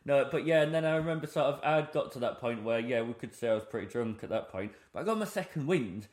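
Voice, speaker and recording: A man's voice: medium pitch, animated, quick pace, reverberant. A young man telling a rambling, self-mocking story in casual chat.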